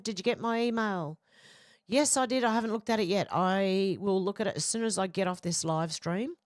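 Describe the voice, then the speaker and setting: A woman's voice: mid-range voice, no echo, clean studio sound. An Australian woman hosting a livestream, casually reading viewer comments aloud and chatting bluntly. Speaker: livestream host reading chat. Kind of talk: casual live chat.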